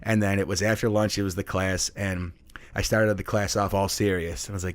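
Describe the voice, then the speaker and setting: A young man, a middle school teacher, telling funny classroom stories in a playful, animated way. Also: sits low, moderate pace. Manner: playful, acts out voices in his stories. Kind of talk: animated storytelling.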